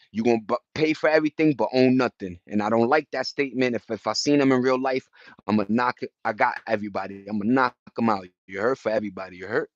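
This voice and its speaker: A man's voice: medium pitch, fairly bright tone, dry recording, muffled recording. A man in his forties from New York with a New York accent, chatting casually on a livestream in streetwise slang and greeting viewers by name. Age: 40s. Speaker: livestream host.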